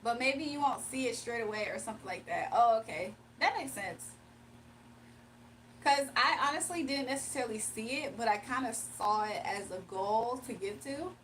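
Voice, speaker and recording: A woman's voice: fairly high pitch, animated, moderate pace, fairly bright tone, distant mic, a little hiss or hum. A young woman hosting a casual livestream, chatting with viewers, reading their comments aloud and laughing often. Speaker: livestream host giving spiritual readings.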